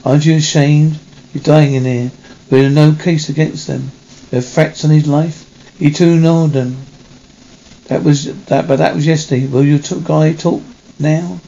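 A man reading a film script aloud in a halting way, correcting himself as he goes. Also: on the high side, fairly even intonation, creaky, warm tone, highs cut off. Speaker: reader.

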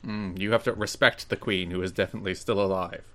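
A man's voice: low voice, fairly even intonation, quick pace, fairly bright tone. Dry teasing male podcast host. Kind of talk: casual chat.

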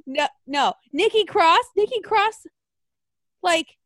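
A woman co-hosting a casual chat, ranting in an animated way with mock outrage and swearing. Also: very high voice, takes it slowly, dry recording, studio quality.

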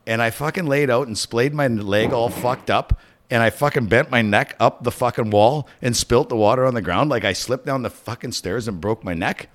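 A man co-hosting a podcast, telling stories in a casual, profane, animated way. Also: mid-range voice, normal speed, a little hiss or hum. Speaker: podcast co-host. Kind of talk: casual chat.

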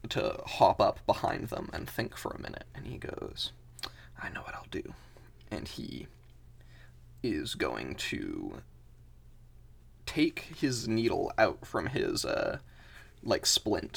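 A man casually narrates his character's moves in a tabletop game, halting often with fillers and restarts. His voice is gravelly, with a lively, rising and falling pitch. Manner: hesitant, many fillers and restarts. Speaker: player.

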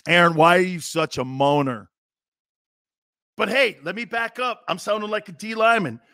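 A high-voiced middle-aged man, hosting sports radio, rants in an opinionated monologue at a moderate pace. He is brash, mocking and animated, slipping into jeering voices, and the recording has no echo.

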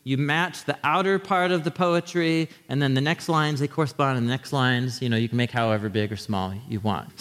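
A man giving a conversational sermon with slides, talking straight to his listeners in an animated way and often restarting his sentences. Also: mid-range voice, fairly quick, hardly any pauses. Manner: animated, talks to the audience directly, frequent restarts. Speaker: teacher preaching a sermon series. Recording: long hall reverb.

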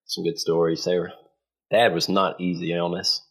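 A man's voice: low-pitched, level tone, moderate pace, gravelly, a bit bright. A man telling family stories in a casual, laid-back, folksy chat. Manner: laid-back rural drawl, folksy storytelling.

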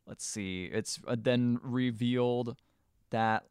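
Smooth-voiced man rambling through a recap. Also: medium pitch, steady tone, slow pace, darkish tone, no room sound, clean studio sound. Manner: rambling, casual swearing, acts out quotes loosely. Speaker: podcast host. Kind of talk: casual film recap chat.

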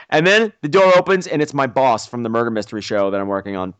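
Lively, animated male storyteller. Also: mid-range voice, quick pace, clean tone. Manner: excitable, self-mocking, acts out quotes. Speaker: podcast host.

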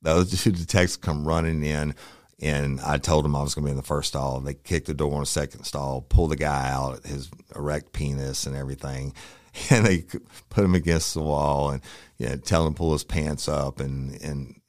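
A man's voice: a bass voice, fairly even intonation, moderate pace, a little mellow, no room sound, clean studio sound. A man telling a police story in casual, rambling speech, profane and acting out what others said. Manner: profane, rambling, acts out quoted lines.

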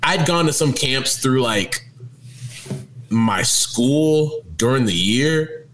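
A man's voice: medium pitch, lively intonation, takes it slowly, a bit bright, slight background noise, poor audio. A man co-hosting a podcast who laughs often and teases the others in casual chat. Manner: laughing, teasing. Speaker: podcast co-host.

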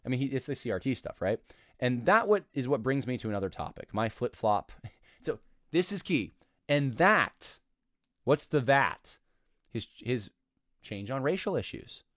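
Animated man commenting on an article. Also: mid-range voice, moderate pace, dry recording, clean studio sound. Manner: animated, argumentative, laughs between points. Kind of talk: reading and critiquing an article aloud.

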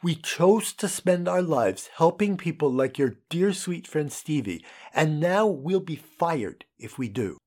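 Gentle Jamaican nurse woman, soft and pleading, lively inflection, read by a male narrator. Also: fairly high pitch, a little slow, hardly any pauses. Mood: tender pleading. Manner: soft, pleading, tender endearments.

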